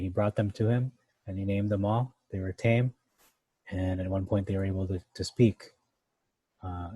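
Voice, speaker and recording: A man's voice: lowish voice, mellow, breathy edge, no echo, rough recording. A man going verse by verse through a Bible passage in a casual, conversational way, thinking aloud with fillers and asides. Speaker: Bible teacher.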